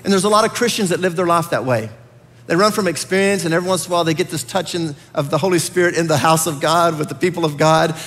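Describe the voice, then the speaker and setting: A man's voice: a little high, a bit bright. A man preaching a sermon as pastor, earnest and rising to emphatic peaks. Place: church sanctuary. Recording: long reverb of a church hall.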